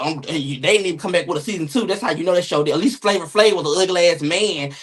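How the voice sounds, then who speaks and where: Man, gossip streamer, profane, dramatic, shouty rants. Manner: loud, profane, dramatic rants that jump into high-pitched shouting. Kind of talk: casual live-stream commentary.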